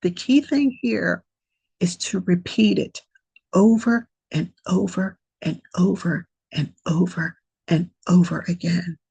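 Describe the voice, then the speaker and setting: Slow, gravelly-voiced woman podcast host. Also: on the low side, mellow, no echo, rough recording. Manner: earnest and repetitive, dwelling on key phrases. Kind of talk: reflective spiritual monologue.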